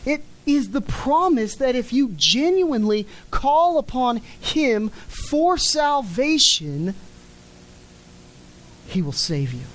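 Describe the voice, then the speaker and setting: In a low-quality recording, a woman with a high voice and big pitch swings preaches a sermon. She is emphatic, stretching key words and letting her lines fall at the end.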